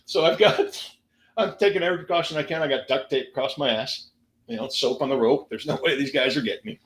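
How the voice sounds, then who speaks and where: A man and former stand-up comedian telling a story as a podcast guest, animated and laughing through his own punchlines. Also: medium pitch, fairly quick, reverberant.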